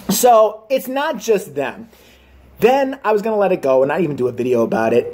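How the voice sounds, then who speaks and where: A man in his thirties doing a profane comedic rant to camera. He is crude and sarcastic, with swearing in nearly every sentence. He jumps quickly between mockery and disbelief. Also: fairly high pitch, darkish tone. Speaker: vlogger.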